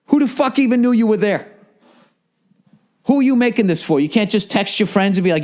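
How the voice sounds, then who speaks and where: Profane ranting man, fairly high voice. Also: brisk, long pauses, darkish tone. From Boston area. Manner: profane, fired-up ranting with sarcastic asides. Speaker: podcast host. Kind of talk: ranting solo podcast monologue.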